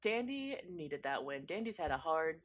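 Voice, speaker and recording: A woman runs a tabletop role-playing game as game master, her voice slightly low. She narrates descriptively, leaning on fillers and repeated words. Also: very animated, normal speed.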